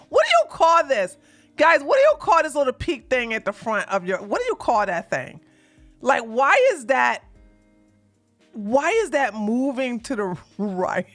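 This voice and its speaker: High, lively woman mocking a clip. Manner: mocking, laughing, bursts into shouts. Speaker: streamer reacting to clips. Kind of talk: live reaction commentary.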